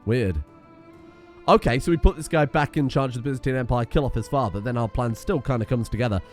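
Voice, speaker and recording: A man's voice: medium pitch, fast, darkish tone, faint music behind. Chatty, profane male game streamer. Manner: chatty, profane, easily sidetracked. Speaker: gaming streamer. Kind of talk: casual strategy game commentary.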